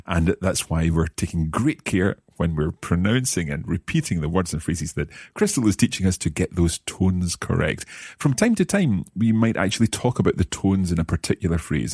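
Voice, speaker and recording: A deep-voiced man co-hosts a language lesson as the learner. He speaks with lively, swooping intonation and asks curious questions, often repeating phrases after the teacher. His voice is a little husky and sits in a dry, close sound. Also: dry recording. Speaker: learner co-host.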